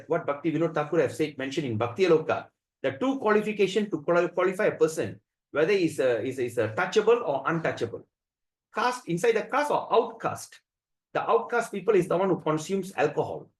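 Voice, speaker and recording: A man teaching a devotional scripture class, telling stories in an animated way, acting out the voices and often restarting his sentences. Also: fairly high pitch, a little fast, rough recording. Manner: animated storyteller who acts out the voices, with frequent restarts. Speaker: spiritual teacher.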